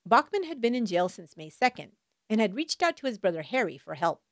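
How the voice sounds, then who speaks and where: Lively woman telling a crime story. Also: mid-range voice, a little fast, no room sound, studio quality. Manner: wry asides between dramatic retelling. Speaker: true crime podcast host. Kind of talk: scripted true crime narration.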